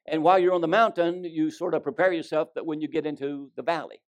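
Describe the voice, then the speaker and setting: A male preacher with a fairly high voice delivers a sermon in a folksy storytelling way. He swings between ringing emphasis and near-whispered asides. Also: steady tone, fast talker.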